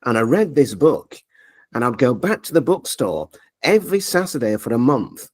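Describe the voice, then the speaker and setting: A media coach from Leeds, England, tells his story in an interview, animatedly acting out the quoted dialogue. His voice is medium-pitched and his pace moderate.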